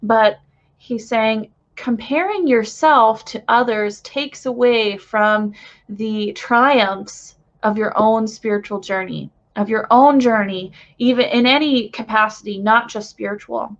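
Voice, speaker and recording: In a dull lo-fi home recording, a young woman, congested from crying, slowly relays a channeled spiritual message to her viewers in a gentle, comforting way. Her voice is fairly high with fairly even intonation, and she rambles a little, using fillers.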